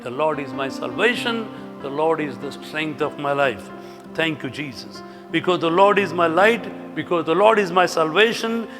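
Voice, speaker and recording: A male pastor with an Indian English accent delivers an emphatic, repetitive sermon in a fairly high voice. His words ring out with a long reverb, and instrumental music plays clearly behind him. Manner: repetitive, emphatic preaching with frequent "thank you, Jesus". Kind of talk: sermon at a Bible study.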